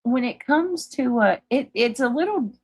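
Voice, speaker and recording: A woman with a Southern accent hosts a live stream, chatting casually, reading comments and cursing freely. Her high-pitched voice is husky and animated, moving at normal speed with no echo.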